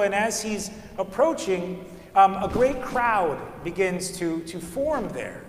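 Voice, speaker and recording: A middle-aged man, an Orthodox priest, giving a calm, conversational sermon with storytelling. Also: high-pitched, slight background noise. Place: church. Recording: echoey church hall.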